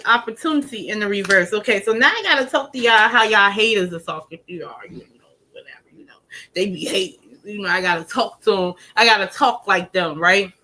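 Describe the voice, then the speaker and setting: A woman tarot reader giving a casual pick-a-card reading, talking straight to viewers in a chatty, slangy, animated way. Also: mid-range voice, a little hiss or hum, poor audio.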